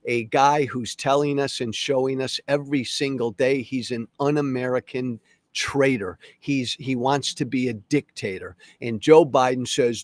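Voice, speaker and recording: A man's voice: mid-range voice, steady tone, unhurried, no echo. A middle-aged man hosting his own podcast, delivering an angry, emphatic solo rant. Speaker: podcast host. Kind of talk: solo opinion monologue.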